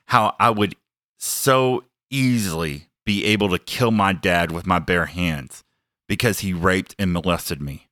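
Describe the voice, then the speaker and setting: A man's voice: deep voice, a little slow, sharp tone, no room sound, clean studio sound. A man preaching a sermon, emphatic and earnest, stacking phrases as he builds each point and sharing his own story. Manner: emphatic, building lists with rising intensity; earnest personal testimony.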